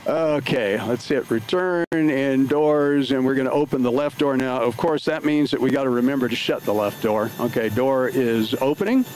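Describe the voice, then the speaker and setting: A man's voice: mid-range voice, moderate pace, a little mellow, a little hiss or hum, rough recording. A man livestreaming from his home flight sim setup, talking casually through each step with lots of filler words. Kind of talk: casual live play-by-play narration.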